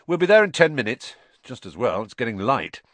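A man voicing a cheeky teenage wizard twin in an audiobook, talking quickly and eagerly. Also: medium pitch, sing-song, no room sound.

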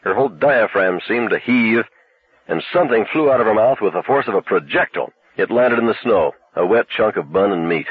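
A man narrating a novel in a steady, measured voice. He sits low in pitch, with a very husky, breathy grain. The sound is thin and phone-like. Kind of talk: audiobook narration. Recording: tinny narrow-band recording.

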